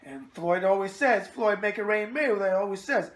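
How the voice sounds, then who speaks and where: A man with a New York accent hosts a casual boxing mailbag video for his web show, his voice sitting high at a normal speed. He's brash and wisecracking, leaning heavily on catchphrases.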